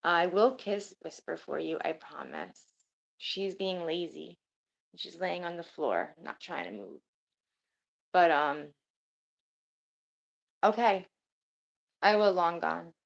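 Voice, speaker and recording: A woman's voice: on the low side, lively intonation, slow, vocal fry, long pauses, highs cut off. A woman streaming and chatting casually with her viewers, rambling and swearing now and then. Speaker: streamer talking to her chat. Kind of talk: casual livestream chat.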